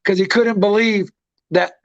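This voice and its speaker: A man hosting a casual livestream chat, talking with excitement and telling stories. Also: high voice, measured pace, vocal fry. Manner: excited, storytelling, drops names. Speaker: show host. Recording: dull lo-fi stream audio.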